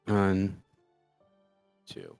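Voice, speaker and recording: A man plays a tabletop game, cracking jokes and counting his dice rolls out loud. His voice is smooth and clear and sounds dry, with faint music behind him. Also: low voice, huge pitch swings, drawn-out words, no echo. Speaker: player.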